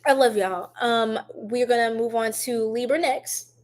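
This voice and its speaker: A woman's voice: fairly high pitch, steady tone, measured pace. A woman hosting a livestream tarot reading, chatting affectionately with viewers and reading their comments aloud. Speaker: tarot reader livestream host.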